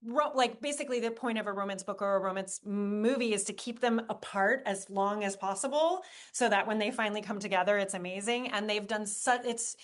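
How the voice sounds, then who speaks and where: A woman screenwriter appearing as a podcast guest, talking with gushing enthusiasm and quick asides. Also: mid-range voice. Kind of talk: casual interview chat.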